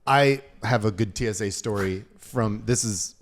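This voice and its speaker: A middle-aged man hosting a podcast, telling stories in casual chat, swearing often and acting out other people's lines loudly. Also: on the low side, normal speed. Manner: animated storyteller, swears, acts out quotes loudly. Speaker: podcast host.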